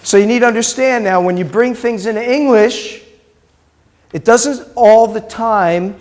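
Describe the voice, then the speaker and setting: Teaching his Hebrew students, a middle-aged rabbi patiently says words aloud repeatedly and quizzes the class as he lectures. His voice is high and a little mellow, and he keeps a measured pace.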